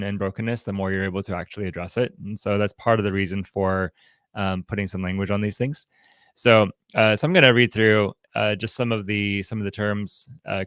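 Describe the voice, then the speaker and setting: A man with a fairly low, gravelly voice gives an informal teaching talk to a counseling group. He speaks haltingly, often restarting and repeating words as he feels his way through each point. The sound is close and dry, with no room echo. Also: a bit bright. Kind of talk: informal teaching talk with role-played examples.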